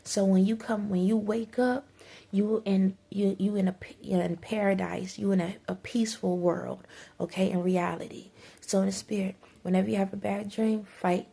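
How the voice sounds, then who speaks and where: Woman vlogger, flat delivery, gravelly texture, urgent and repetitive spiritual pep talk. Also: medium pitch, normal speed. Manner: emphatic, repetitive urging, stumbles and restarts. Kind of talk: preachy spiritual advice monologue.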